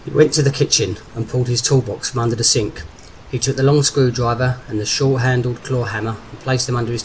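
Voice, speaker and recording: A man narrates in a steady, even reading voice at a middle pitch. A constant noisy hiss sits under the recording. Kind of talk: audiobook narration.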